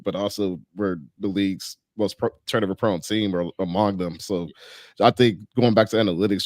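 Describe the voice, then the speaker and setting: A man from Detroit co-hosting a basketball podcast as a sports writer, talking in a measured, analytical way. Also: low-pitched, no room sound. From Detroit, USA. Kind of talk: casual sports podcast chat.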